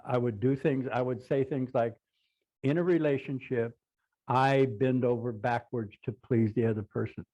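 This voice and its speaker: An older man, a radio show co-host, telling a personal recovery story in a halting way, often repeating words as he recalls. The audio is slightly dull. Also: mid-range voice, fairly even intonation, warm tone.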